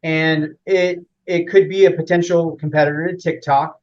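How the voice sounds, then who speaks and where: A man's voice: a little high, fairly even intonation, normal speed. Man explaining with many fillers, dull sound. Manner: rambling, many fillers and restarts. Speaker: interview guest. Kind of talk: casual explanatory interview.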